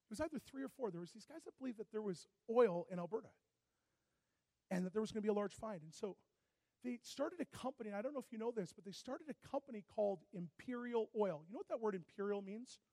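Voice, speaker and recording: Fervent male preacher with a high, bright-toned voice, dry close sound, sermon that swells to shouts. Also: lively intonation, fast talker, no room sound. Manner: fervent, rising to shouted exhortations; calls for congregation response.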